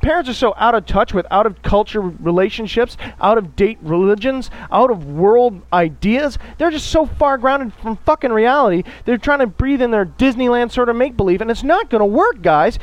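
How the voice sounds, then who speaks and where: A man rants into a dry, close microphone as host of his own radio show. His voice sits high and jumps around a lot, and he swears freely and drops into sarcastic mock voices. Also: no room sound, poor audio. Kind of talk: profane solo rant.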